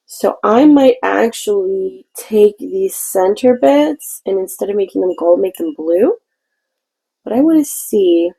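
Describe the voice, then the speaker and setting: A woman with a mid-range, mellow voice and a breathy edge hosts a casual craft tutorial over poor audio. She's chatty and meandering, frequently restarting as she explains her painting step by step.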